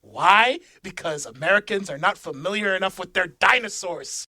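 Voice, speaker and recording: A man's voice: high-pitched, lively intonation, moderate pace, bright, forceful tone, no echo. A man co-hosting a casual podcast, recapping episodes with frequent laughs and fillers. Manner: laughs often, fillers and restarts while recapping plot. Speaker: podcast co-host.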